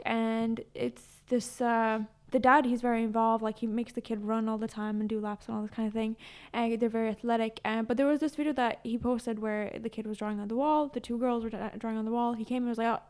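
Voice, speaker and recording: A woman's voice: fairly high pitch, fairly even intonation, a little fast. A woman co-hosting a podcast, chatting casually and sharing anecdotes. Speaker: podcast co-host. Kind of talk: casual chat.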